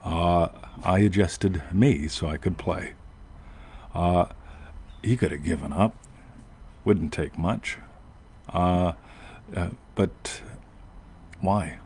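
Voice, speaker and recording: A man's voice: low voice, slow, long pauses, darkish tone, slight background noise. A man hosting a show, telling a long personal story in a rambling casual way and often asking "right?". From United States. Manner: rambling, self-interrupting, frequent "right?". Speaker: podcast host.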